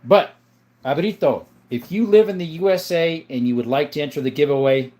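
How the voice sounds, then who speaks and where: A man's voice: a little high, fairly quick, warm tone. A man hosting a casual livestream, chatting loosely, joking and reading chat messages aloud. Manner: rambling, jokey, reads chat aloud. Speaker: livestream host.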